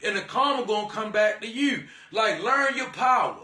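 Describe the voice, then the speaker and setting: Man, high voice, spiritual energy talk, blunt and profane, roomy echo, a bit off the mic. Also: lively intonation, moderate pace, pushed and bright, recorded from a distance. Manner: blunt, slangy and profane, preachy; keeps addressing the listener as "divine being". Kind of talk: casual spiritual pep talk to camera.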